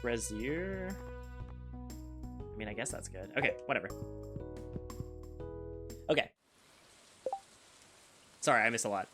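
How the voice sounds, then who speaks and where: A young man talks casually on a live stream as he plays, rambling and tripping over his own restarts, often breaking into laughter. His pitch swings widely. Game music plays clearly behind him. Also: sing-song, slow pace, pauses often. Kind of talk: casual live-stream chat while gaming.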